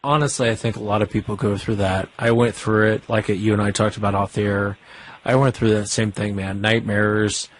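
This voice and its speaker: A man with a fairly low voice hosts a call-in show. He speaks earnestly and reassuringly, often repeating a phrase to stress it. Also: steady tone, moderate pace. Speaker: host. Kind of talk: talk radio chat.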